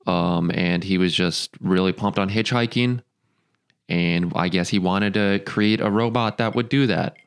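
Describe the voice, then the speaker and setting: A male podcast host chats casually, mocking his subject with frequent swearing and bursts of laughter. He fills gaps with ums and uhs. His voice sits a bit low. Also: measured pace, smooth. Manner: profane, joking, laughs often, lots of ums.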